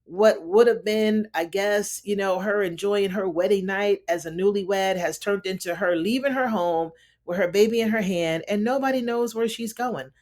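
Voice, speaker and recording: A woman with a medium-pitched, darkish voice talks at a normal speed as a TV recap reviewer, casually going over a TV drama episode. She acts out the characters' lines in shifting voices and chats with her listeners, calling them honey.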